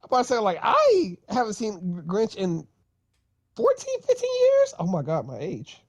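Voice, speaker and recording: A woman chatting casually on a podcast, with a pitch that swoops all over. She laughs easily and stammers as she restarts her sentences. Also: wildly swooping pitch, normal speed, no echo. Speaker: podcast co-host. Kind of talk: casual chat.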